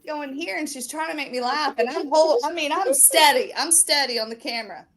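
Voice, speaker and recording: A woman in casual chat, telling an animated story full of fillers. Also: high voice, a little fast. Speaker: show regular and storyteller.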